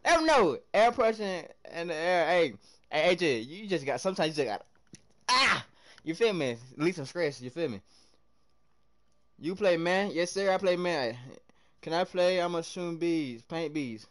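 A young Southern American man streams a game live, chatting with viewers in hyped, slangy bursts that swing between loud and soft. His voice is fairly high, animated, and at normal speed.

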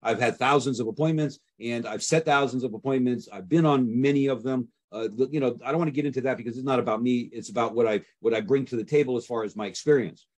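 A man's voice: mid-range voice, fast talker, few pauses, a little mellow. A man teaching how to handle real estate sales calls in a casual, conversational way, often acting out both sides of a call. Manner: conversational, acts out sales calls with repeated fillers. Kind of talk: instructional talk.

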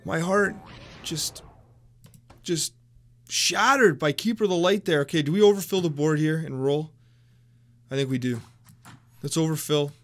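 A man giving casual, excitable commentary over his own game, often mocking himself and groaning at bad plays. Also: fairly high pitch, normal speed, pauses often. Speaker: gameplay commentator.

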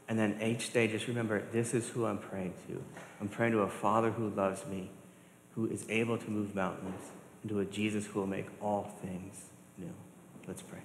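A man's voice: lowish voice, level tone, normal speed. A male pastor preaching a sermon, emphatic and building through repetition, speaking straight to his congregation. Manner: addresses the congregation directly. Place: church worship hall. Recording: reverberant hall with faint noise.

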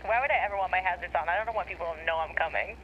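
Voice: medium pitch, very fast, highs cut off, a little hiss or hum. A gaming partner on voice chat, cracking dry jokes during a co-op drive. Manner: joking, dry wisecracks. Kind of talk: casual gameplay chat.

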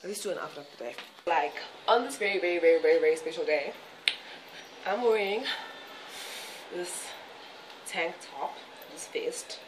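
A young woman chatting casually in her vlog, excitable and rambling, with frequent giggles. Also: lowish voice, normal speed, pauses often, over music. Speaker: vlogger.

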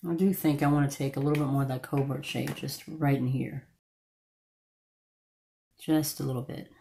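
A woman with a slightly croaky voice from allergies, chatting casually through a makeup tutorial and stopping now and then to correct herself. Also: a bass voice, steady tone, moderate pace, warm tone, a little hiss or hum. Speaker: beauty vlogger.

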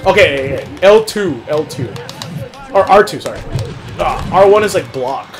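A young man playing a wrestling game with a friend, shouting hyped reactions and cursing. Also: on the high side, lively intonation, moderate pace. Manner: hyped, loud exclamations and cursing. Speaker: gamer. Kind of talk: excited co-op gameplay chatter. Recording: game music in background. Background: wrestling game music.

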